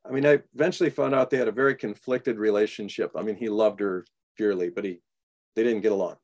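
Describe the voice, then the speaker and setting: Man telling lively anecdotes. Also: fairly low pitch, fast talker. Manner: animated anecdotes, acts out quoted dialogue. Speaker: guest author. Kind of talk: storytelling in a radio interview.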